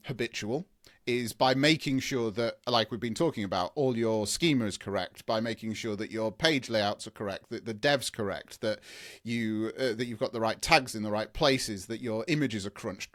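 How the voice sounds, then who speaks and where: Guy rambling through an explainer, lots of restarts and lists, middle pitch. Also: normal speed, fairly bright tone. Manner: enthusiastic, rambling, frequent restarts and long lists. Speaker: SEO expert guest. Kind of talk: conversational explaining in an interview.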